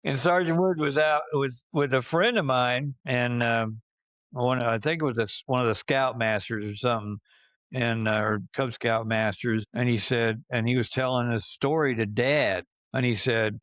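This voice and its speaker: A man's voice: medium pitch, steady tone, moderate pace, fairly bright tone, no echo. Older man telling rambling stories. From Georgia. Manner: rambling, repeats and restarts phrases, chuckles through stories. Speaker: podcast guest storyteller. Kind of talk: casual storytelling.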